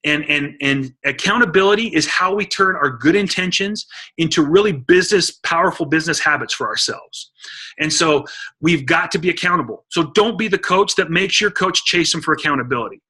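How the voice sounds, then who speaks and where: A middle-aged man giving an energetic coaching talk to a sales team on a conference call, urging listeners he calls guys. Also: on the high side, a little fast, husky. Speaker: motivational speaker on a team call. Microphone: phone or computer mic on a conference call.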